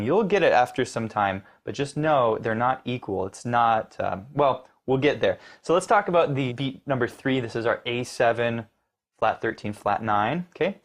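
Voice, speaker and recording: A man's voice: medium pitch, animated, normal speed. A man teaching piano, explaining rhythm step by step with encouragement and counting the beats aloud. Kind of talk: instructional lesson. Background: piano playing.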